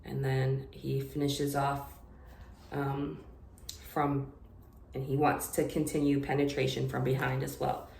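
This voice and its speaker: A young woman telling a personal story to camera in an unedited confessional vlog, halting and hesitant, with many fillers and restarts. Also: very deep voice, completely flat delivery, vocal fry, darkish tone. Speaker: vlogger. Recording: echoey room with faint noise.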